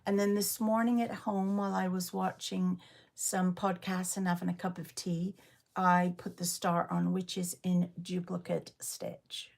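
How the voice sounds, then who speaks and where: A woman with a low, gravelly voice hosts a relaxed livestream from her home. She chats on in a loose, rambling way, full of ums, as she shows off her knitting. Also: unhurried. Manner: rambling and chatty, with many ums. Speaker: livestream host. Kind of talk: casual livestream chat while showing knitting. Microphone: phone.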